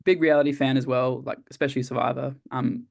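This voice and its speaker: A man's voice: medium pitch, fairly even intonation, fast talker, creaky. A sleepy Australian man in his thirties, talking in an easygoing, rambling way at dawn. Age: 30s. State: sleepy, early morning.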